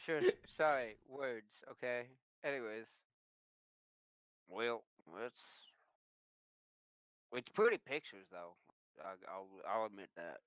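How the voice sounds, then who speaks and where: A man playing a tabletop game, chatting casually, swearing freely and laughing loudly. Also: medium pitch, animated, slow, long pauses, clean tone, no room sound, lo-fi sound. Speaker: player.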